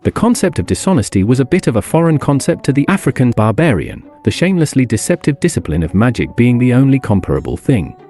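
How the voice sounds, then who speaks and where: Expressive male audiobook narrator. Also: mid-range voice, fast, hardly any pauses, faint music behind. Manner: wry, expressive storytelling.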